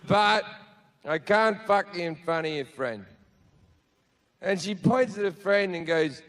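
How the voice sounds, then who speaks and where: Man, stand-up comedian, high voice, brash, profane, self-mocking. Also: lively intonation, measured pace, pauses often, a bit bright. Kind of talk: stand-up storytelling. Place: comedy stage before a laughing audience.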